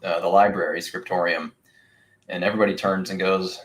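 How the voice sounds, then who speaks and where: A man running a tabletop game as game master, narrating in a rambling, halting way full of restarts. His voice sits on the low side. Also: steady tone, a bit bright.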